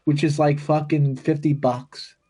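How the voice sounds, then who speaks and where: A man's voice: a little high, little pitch movement, measured pace, mellow, husky. A man co-hosting a podcast, chatting casually while playing a game, rambling and swearing often. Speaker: podcast co-host. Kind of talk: casual chat while gaming.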